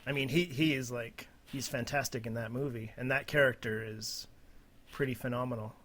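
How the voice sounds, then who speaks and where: A man's voice: mid-range voice, fairly even intonation, moderate pace, a bit bright. A man co-hosting a podcast in casual, enthusiastic chat, with frequent restarts. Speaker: podcast co-host.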